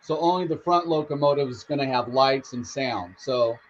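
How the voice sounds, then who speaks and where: A man's voice: mid-range voice, moderate pace, dull audio, slight background noise. Man explaining his model trains. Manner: explains step by step with restarts. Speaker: host. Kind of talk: casual chat. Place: home train room.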